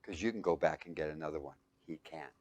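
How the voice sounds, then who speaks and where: A man teaching a bible lesson to a live group, quizzing them with fill-in-the-blank questions and swinging between loud and hushed. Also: very deep voice, fast talker. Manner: asks the audience fill-in questions. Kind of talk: sermon.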